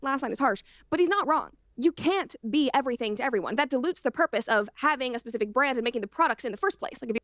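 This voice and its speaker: A woman delivering scripted political commentary in a brisk, assured way. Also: high voice, expressive, a bit bright, no echo, studio quality. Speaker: commentator in a played clip.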